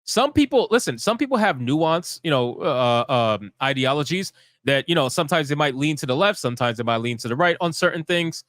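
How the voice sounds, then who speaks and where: A man's voice: a little high, big pitch swings, brisk, fairly bright tone, no echo, studio quality. A man hosting a live stream, giving heated, profane commentary in a fired-up, emphatic way.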